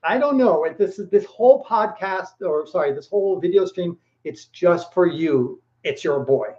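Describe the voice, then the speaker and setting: A man hosting a casual live-stream Q&A, rambling and animated, with lots of filler words. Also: high-pitched, normal speed. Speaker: host. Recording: echoey room, dull lo-fi sound.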